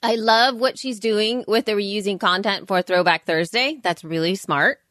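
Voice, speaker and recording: A woman's voice: mid-range voice, moderate pace, fairly bright tone, no room sound, clean studio sound. A woman co-hosting a podcast in casual chat, talking at length with frequent restarts. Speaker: podcast co-host.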